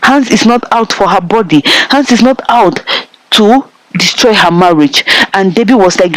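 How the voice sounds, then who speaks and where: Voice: medium pitch, expressive, moderate pace, no room sound, poor audio. A Nigerian-accented film reviewer giving an emphatic, repetitive plot recap and talking straight to viewers. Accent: Nigerian English. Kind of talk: casual plot recap with commentary.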